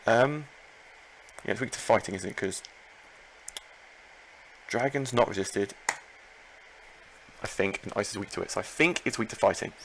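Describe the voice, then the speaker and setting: A man commenting live on his own Pokémon battle, excitable, talking to himself and his opponent and repeating phrases. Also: lowish voice, normal speed, pauses often, a little hiss or hum, rough recording. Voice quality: gravelly.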